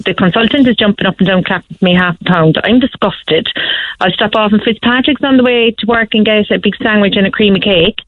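A middle-aged woman with a Cork accent, chatting on the radio and telling stories in a lively, animated way. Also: medium pitch, no echo. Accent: Irish, Cork. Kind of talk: casual radio chat. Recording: phone line.

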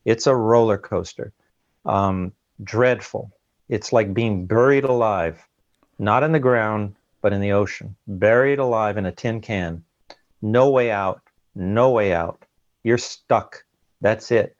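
A man as an interview guest, recounting an ordeal in an earnest, halting way and often repeating words, heard over a dull remote line. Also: fairly low pitch, no echo. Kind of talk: emotional interview account.

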